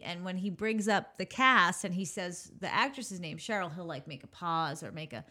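Woman, podcast co-host, casual film recap, lower voice, quotes the dialogue. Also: moderate pace, hardly any pauses, sharp tone. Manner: chatty, retells scenes with quoted lines. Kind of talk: casual movie recap chat.

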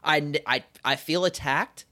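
A man's voice: fairly high pitch, measured pace, bright, forceful tone. A man in his twenties talking through a casual chat, rambling with many restarts and acting out quoted voices.

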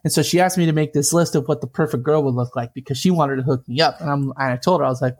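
A man with a somewhat raised voice spins a long personal story in casual conversation. He talks in an animated, chatty way and keeps breaking off for little asides. The tone stays loose and unscripted. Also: a little high, fast talker. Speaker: guest telling a personal story.

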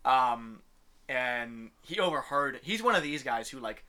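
A man's voice: mid-range voice, animated, measured pace, pushed and bright. A young man telling a story in a casual chat, swearing freely and laughing often. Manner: profane, ranting, laughs often.

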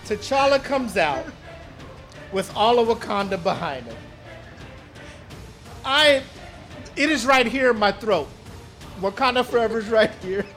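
Animated high-voiced man telling stories. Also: measured pace, long pauses, soft background music. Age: 30s. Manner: animated, excitable storytelling with loud outbursts and profanity. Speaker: podcast co-host. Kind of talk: casual podcast chat.

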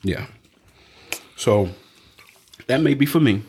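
A man's voice: medium pitch, animated, takes it slowly, creaky, darkish tone, slightly rough, soft background music. A man hosting a podcast in casual chat, rambling with many fillers and laughing often. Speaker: podcast host.

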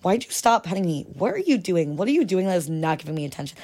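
A woman's voice: on the low side, very animated, fast, dark tone. A woman voicing the inner thoughts of a needy, adoring male cocker spaniel, in an eager, repetitive and clingy way.

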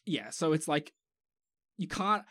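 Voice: medium pitch, lively intonation, slow, fairly bright tone, dry recording, studio quality. A young adult with an Australian accent, co-hosting a casual podcast chat, rambling with restarts, fillers and swearing. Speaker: podcast co-host.

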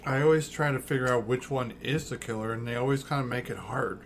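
A man's voice: mid-range voice, quick pace, slight background noise. A man co-hosting a podcast in casual chat, speaking in a laid-back, hesitant way with many ums. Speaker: podcast co-host.

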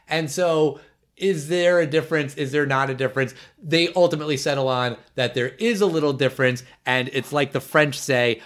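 A man hosting a casual movie podcast, talking in an opinionated, lively way. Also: medium pitch, normal speed. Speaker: podcast host.

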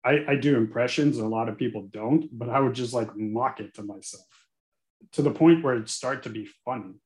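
A man in his forties with a medium pitch talks candidly and earnestly as a podcast guest, growing animated and occasionally cursing. His voice bounces around a roomy, echoey space. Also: a little fast. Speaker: guest, attorney. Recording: echoey room.

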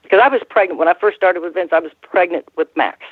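A woman's voice: on the low side, quick pace, breathy edge, no room sound. A woman in her sixties, a former ring announcer, telling rambling stories in a casual interview and laughing often. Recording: tinny phone line, dry.

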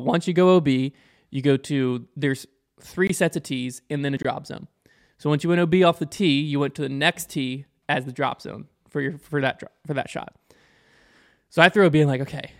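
Young man with a slightly high voice, telling a story. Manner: animated, quick, acts out quotes. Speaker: podcast guest or host, disc golfer. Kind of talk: casual storytelling.

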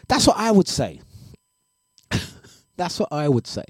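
Laughing radio host. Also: male voice, a little high, unhurried, pauses often, husky, dry recording, clean studio sound. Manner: animated, laughs often, repeats himself. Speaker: radio DJ and breakfast show host. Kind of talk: casual live radio chat.

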